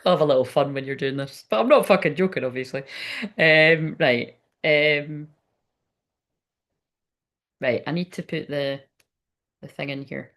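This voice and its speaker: A woman's voice: deep voice, unhurried, long pauses, fairly bright tone. Sweary, blunt Scottish woman. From Scotland. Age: adult, ten years online. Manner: blunt, sweary and chatty, with lots of fillers. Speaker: spiritual reader on a livestream. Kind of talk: casual live tarot reading.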